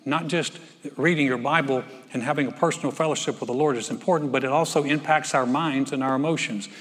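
A man's voice: mid-range voice, fairly even intonation, quick pace, a bit bright, in a large hall. A male pastor preaching a conversational sermon, often repeating words and asking the congregation questions.

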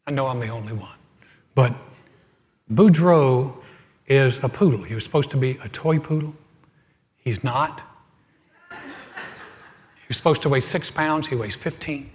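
A middle-aged man preaching as pastor, telling a humorous story with animated swings from loud to soft. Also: mid-range voice, unhurried, long pauses. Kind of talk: humorous sermon. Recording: hall reverb.

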